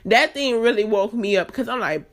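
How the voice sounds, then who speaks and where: A woman's voice: fairly high pitch, expressive, normal speed. A woman in her late twenties hosting a solo podcast, talking candidly and earnestly straight to her listeners in a chatty, emphatic way. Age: late 20s. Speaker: podcast host.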